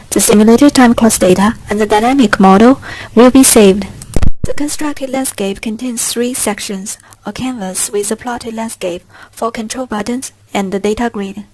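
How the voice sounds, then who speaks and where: Woman, mid-range voice, scripted tutorial voice-over, even and methodical. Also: medium pitch, rough recording. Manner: steady, instructional, reads step by step. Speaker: software tutorial narrator. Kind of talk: scripted narration.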